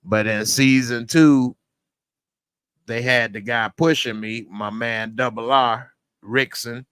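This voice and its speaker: A man's voice: mid-range voice, steady tone, takes it slowly, fairly bright tone, clear, resonant tone, no echo, studio quality. A man reviewing a TV show in a rambling, jokey casual chat. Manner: rambling, jokey, breaks into impressions.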